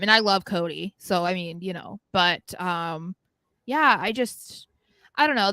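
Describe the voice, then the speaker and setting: A woman co-hosting a casual podcast, talking bluntly and laughing often. Her voice is bright and forward. The sound is dry and close, with no room echo. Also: medium pitch, clean tone. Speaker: co-host.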